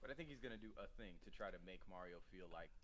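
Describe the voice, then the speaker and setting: A man's voice: low-pitched, animated, rapid-fire, fairly bright tone, a little hiss or hum. A man co-hosting a podcast in casual chat, opinionated and laughing often. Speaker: podcast co-host.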